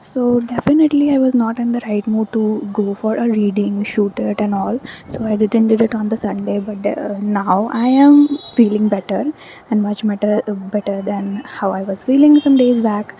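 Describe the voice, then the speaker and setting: A woman's voice: mid-range voice, steady tone, normal speed, phone-quality sound, a little hiss or hum. A woman from India giving a casual, rambling tarot reading, chatty with many fillers. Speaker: tarot reader.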